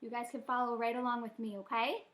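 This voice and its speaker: A woman's voice: fairly high pitch, fairly even intonation, quick pace, a bit bright. A woman leading a children's song and movement class, giving cheerful step-by-step instructions. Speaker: children's program leader. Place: library program room. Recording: roomy echo with music.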